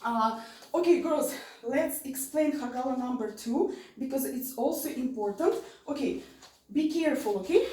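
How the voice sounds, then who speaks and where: A woman teaching an online dance lesson, counting beats aloud and repeating her cues. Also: high voice. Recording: roomy sound from far off.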